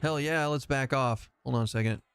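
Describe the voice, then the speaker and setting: A man's voice: mid-range voice, a little fast, a bit bright, smooth. A man chatting casually as he streams a game live, rambling and self-mocking and laughing often.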